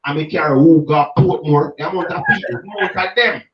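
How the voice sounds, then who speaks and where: An emphatic Jamaican man with a fairly high voice reasons like a street preacher, speaking in patois and pressing his points home. He sounds distant from the mic, in an echoey room, and the recording is muffled. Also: fast talker. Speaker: street gospel minister. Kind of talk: passionate reasoning conversation.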